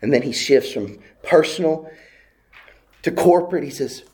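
A man preaching a sermon from the pulpit, his voice sitting a little higher than most men's. He builds with emphatic, repeated phrases and climbs even higher on heartfelt pleas. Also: normal speed. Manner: repetitive emphatic cadence. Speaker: pastor.

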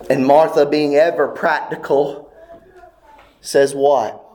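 A man preaching a sermon, telling a story slowly and dramatically, with long pauses and hushed, almost whispered moments. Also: fairly high pitch, little pitch movement. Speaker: pastor.

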